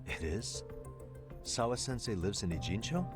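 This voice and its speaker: An actor voicing a calm, courteous male detective in game dialogue. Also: lowish voice, normal speed, over music, natural voice.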